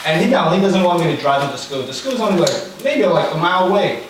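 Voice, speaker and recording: Young pastor guy telling stories, kinda high voice, super echoey hall, mic a bit far off. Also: animated, fast talker. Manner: chatty, anecdotal, lots of fillers. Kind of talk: casual sermon storytelling. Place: church hall. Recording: very echoey room, far from the mic, faint noise.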